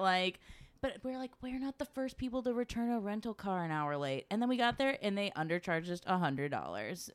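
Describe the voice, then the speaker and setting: A woman's voice: on the low side, clean tone. A woman telling a travel story in casual chat, swearing freely and acting out what people said. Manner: animated storyteller, swears freely, acts out quotes.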